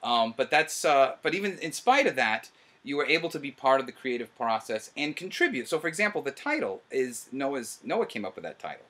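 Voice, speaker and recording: A middle-aged man hosting a casual commentary chat, excitable and quick to laugh. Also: mid-range voice. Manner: animated, laughs often, excitable. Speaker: host.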